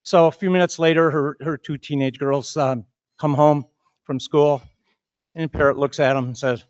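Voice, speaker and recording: A man's voice: fairly high pitch, fairly even intonation, moderate pace, no echo, muffled recording. A man giving opening remarks as master of ceremonies at a breakfast meeting, chatty and rambling, often repeating words.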